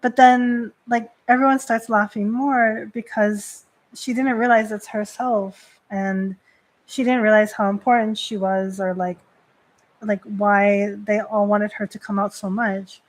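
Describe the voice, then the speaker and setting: A woman's voice: medium pitch, fairly even intonation, unhurried, low-quality recording. Chatty woman priestess hosting a stream. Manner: chatty, heavy use of "like" fillers. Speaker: Shinto priestess and host. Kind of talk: casual live-stream talk on religion.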